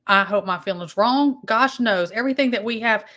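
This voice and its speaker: This is a woman talking casually on her own livestream. She rambles a little, stops and restarts her thoughts, and greets viewers one by one as they come into the chat. Her voice sits at an ordinary middle pitch for a woman. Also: moderate pace, sharp tone. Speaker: livestream host.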